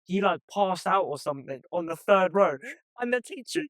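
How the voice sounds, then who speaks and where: A young man co-hosting a podcast in casual chat, excitable and swearing a lot. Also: high-pitched, normal speed, no echo. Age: young adult. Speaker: podcast co-host.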